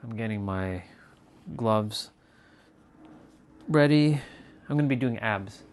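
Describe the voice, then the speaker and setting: A man's voice: lowish voice, slow pace, a little hiss or hum. A man chatting casually to viewers on his live stream, rambling and repeating himself as he talks. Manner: rambling, repeats phrases and restarts. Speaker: livestreamer.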